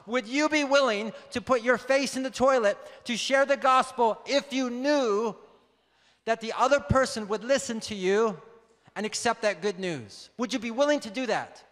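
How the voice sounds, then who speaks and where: A man with a very high voice tells his prison testimony as a sermon, earnest and emphatic, calling out to the listeners. His voice rings out through a long hall reverb. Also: normal speed, a bit bright. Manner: earnest, emphatic, calls out to the audience. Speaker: preacher.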